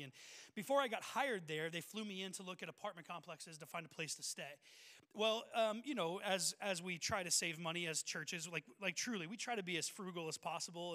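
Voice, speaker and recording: A young man preaching a sermon as a pastor, telling a personal story with lively acted-out voices. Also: high-pitched. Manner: energetic storyteller, acts out voices of people in the story. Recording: long hall reverb.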